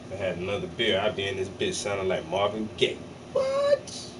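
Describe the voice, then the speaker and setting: A man's voice: sits low, fairly even intonation, quick pace. A man painting on a livestream, bantering with his chat in a joking, profane, teasing way. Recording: slightly distant mic, faint air-conditioner hum.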